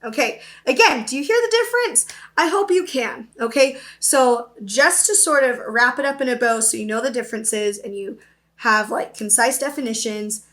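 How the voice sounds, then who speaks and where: A woman's voice: a little high, moderate pace, a bit bright. A young woman teaching an upbeat virtual voice lesson, explaining terms and checking in with her students. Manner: upbeat, explains then demonstrates, often checks with "okay?".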